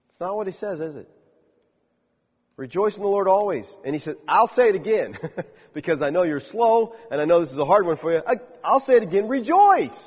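A man preaching a sermon as a pastor, lively, with rhetorical questions and dry humorous asides. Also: fairly high pitch, husky. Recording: dull lo-fi sound with long reverb.

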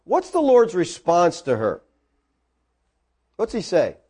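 A man preaching a sermon, animated and acting out the voices of the people in the story. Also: high voice, slow pace, husky.

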